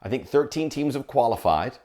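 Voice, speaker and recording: A man's voice: medium pitch, lively intonation, a little fast, warm tone. A middle-aged man, a soccer broadcaster, talking in a jokey, chatty video monologue. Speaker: soccer broadcaster and podcast host.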